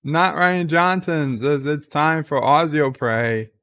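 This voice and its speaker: A man's voice: fairly high pitch, slow pace, a bit bright, clean tone. A man hosting a livestream, casually reading viewer comments aloud with many filler uhs. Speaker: livestream host.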